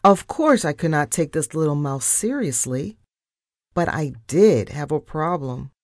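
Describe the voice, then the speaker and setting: A woman reading a children's chapter book aloud in an expressive, unhurried storytelling manner. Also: sits low, no room sound, studio quality. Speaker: storybook reader.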